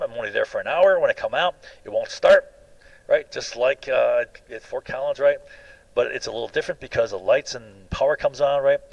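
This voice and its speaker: Heard over poor audio, this male video blogger has a gravelly, mid-range voice. His aggrieved, rambling monologue is personal and repetitive, full of restarts, with "right?" closing sentence after sentence.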